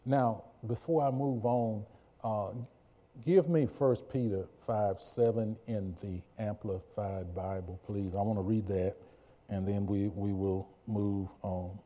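Male pastor, sermon, slow and mellow, bursts into shouting. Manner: preaching, swings from low and slow to loud shouted bursts; repeats words and stammers when excited. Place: church.

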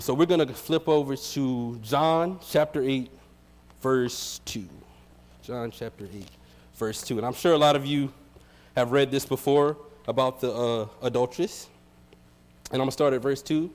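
A man's voice: medium pitch, moderate pace, darkish tone. A man preaching a sermon in a casual, joking way, laughing at himself as he flips through his Bible. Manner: casual, joking, self-deprecating, laughs often.

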